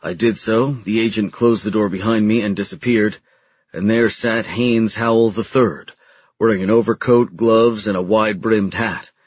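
A man reads a first-person audiobook in a low, husky voice, telling it plainly and matter-of-factly. The recording is dry and somewhat dull. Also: steady tone, moderate pace, dry recording. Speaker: narrator.

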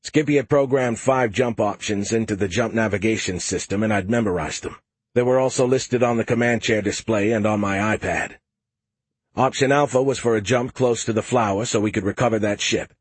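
A man narrating a science fiction audiobook in the first person at a steady, measured pace. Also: on the low side, slightly rough, no echo.

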